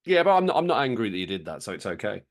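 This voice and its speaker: A man's voice: on the low side, very animated, racing. A man co-hosting a podcast, reflecting openly and repeating words as he thinks aloud. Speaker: podcast co-host. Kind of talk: candid conversational chat.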